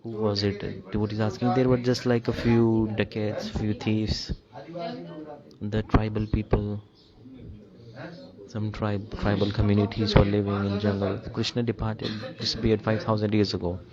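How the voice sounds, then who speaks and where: Indian-accented man interpreting a sermon, low even voice, repeats and questions the room; muffled, crowd audible. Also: normal speed. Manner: rephrases himself and asks the listeners rhetorical questions. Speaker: translator of a spiritual lecture. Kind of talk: translated sermon. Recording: dull lo-fi recording with crowd behind.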